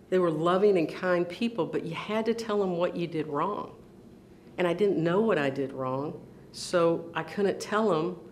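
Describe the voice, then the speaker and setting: A woman principal telling a personal story on stage, earnest and pausing for emphasis. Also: low-pitched, a little hiss or hum. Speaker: school principal giving a talk.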